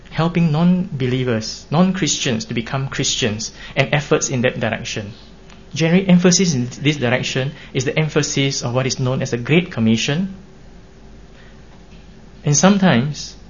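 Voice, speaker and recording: A man preaching a sermon in an earnest, measured way, pressing his points with emphatic rises. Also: medium pitch. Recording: dull lo-fi recording with faint hiss.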